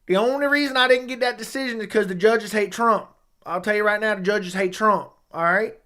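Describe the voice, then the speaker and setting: A man's voice: sits high, a little fast, pushed and bright, voice pushed up. A man putting on a drawling Southern redneck. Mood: indignant. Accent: put-on American Southern country accent. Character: loud Southern redneck man, conspiracy-minded racing fan.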